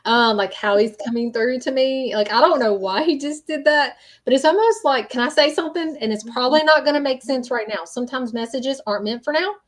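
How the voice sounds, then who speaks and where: A woman's voice: high-pitched, brisk, hardly any pauses. Earnest woman medium, frequent "okay?". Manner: earnest, repeats "okay?" to check in, frequent ums. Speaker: psychic medium hosting a live reading. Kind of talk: live-stream spirit reading.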